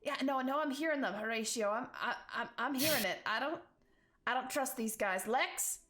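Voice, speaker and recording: Enzo, a woman doing a shrill hotheaded thug. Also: moderate pace. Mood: suspicious. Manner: shouting, frantic. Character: hot-tempered, easily provoked male thug Enzo.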